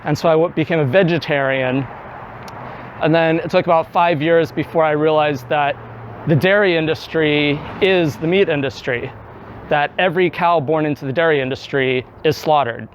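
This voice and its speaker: A man's voice: a little high, normal speed, lo-fi sound, slight background noise. Chatty man telling a personal story. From Tennessee. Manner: conversational storyteller, acts out his own past thoughts. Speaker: speaker giving a club talk. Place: indoor meeting room.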